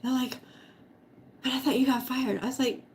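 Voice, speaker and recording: A woman's voice: sits high, steady tone, normal speed, a little mellow. Giggly woman telling a story. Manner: giggly, laughs often while talking; eating while talking. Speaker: vlogger. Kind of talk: casual storytelling to live chat.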